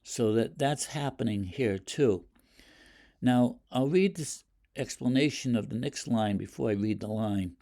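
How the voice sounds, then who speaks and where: A man's voice: mid-range voice, unhurried, warm tone. A man teaching a poetry lesson, explaining stanzas and reading the verse aloud with rising emphasis, with many fillers and restarts. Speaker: literature teacher.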